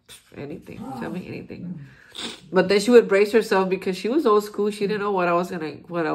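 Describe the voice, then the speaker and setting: A man's voice: sits high, vocal fry. A man hosting a daily recovery reflection, speaking in an earnest, encouraging way with frequent restarts. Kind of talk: heartfelt spiritual recovery talk.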